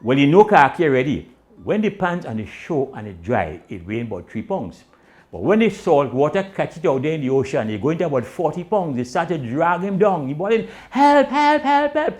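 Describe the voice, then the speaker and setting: A man telling comic stories in island dialect, acting out the people in his tales. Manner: animated, swinging pitch, voices the people in his tales. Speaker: storyteller.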